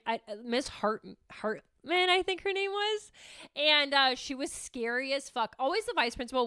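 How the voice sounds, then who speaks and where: Woman, high voice, crisp, dry close sound, casual storytelling, candid, swears freely. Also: bright, forceful tone, dry recording. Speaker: podcast host.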